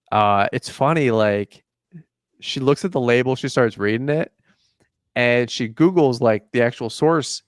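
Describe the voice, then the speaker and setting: Animated young man telling a story. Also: medium pitch, smooth, no echo, studio quality. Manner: animated storyteller, acts out dialogue, says "like" often. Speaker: podcast host. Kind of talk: casual chat.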